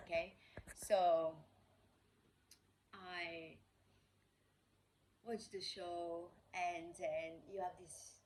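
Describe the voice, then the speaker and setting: Woman vlogger, lowish voice, rambling storyteller full of "like" and "you know", acts out quotes. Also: a little mellow, slight background noise, low-quality recording. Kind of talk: casual personal storytelling.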